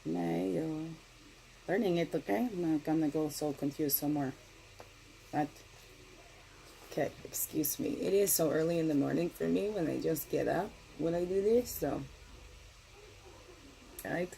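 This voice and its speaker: A middle-aged woman giving a casual daily spiritual card reading, talking in a gentle, meandering way and often asking "right?". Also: sits low, measured pace, vocal fry, pauses often, slight background noise, low-quality recording.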